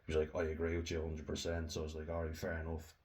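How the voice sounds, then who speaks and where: Young Irish man, low monotone voice, heated sweary vlog storytelling. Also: rapid-fire, a little hiss or hum. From Ireland. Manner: heated, sweary, laughs between lines. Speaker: vlogger. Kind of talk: casual storytelling monologue.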